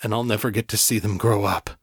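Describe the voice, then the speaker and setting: A man reading a young male incubus priest weighed down by guilt, his voice rough and heavy with emotion. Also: fairly low pitch, steady tone, a little fast, dry recording, studio quality. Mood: grave.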